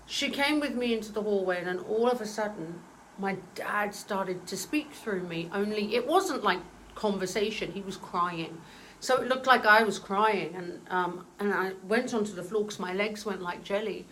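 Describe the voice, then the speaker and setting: A woman in her forties recounts a personal story with earnest feeling. Her voice sits at an ordinary middle pitch, and she halts now and then with soft fillers. A faint hiss of noise runs under the recording. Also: rough recording. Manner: earnest, emotional, halting with fillers.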